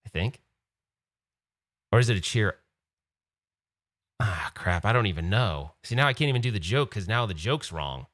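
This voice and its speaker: A man's voice: lowish voice, expressive, normal speed, long pauses, fairly bright tone, no echo, clean studio sound. A man hosting a live-stream podcast in casual chat, rambling and getting sidetracked. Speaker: podcast host.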